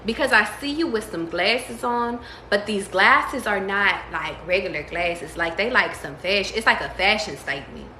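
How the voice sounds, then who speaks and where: A woman giving a casual tarot reading, slangy and profane, breaking into excited squeals. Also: medium pitch, moderate pace, few pauses, echoey room, slight background noise, rough recording. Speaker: tarot reader.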